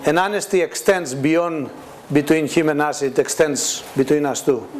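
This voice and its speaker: A man's voice: fairly high pitch, moderate pace. A man giving a conversational testimony sermon, laughing often and acting out the voices of people in his stories. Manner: laughing, animated storytelling, acts out voices in quotes. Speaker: guest preacher. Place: church meeting with a responding congregation.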